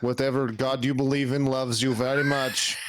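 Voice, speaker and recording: A man voicing a gruff wolf-masked man who gently comforts others in a tabletop game. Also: mid-range voice, level tone, moderate pace, background noise, lightly acted. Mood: soothing. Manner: soothing, calls others "little comrade".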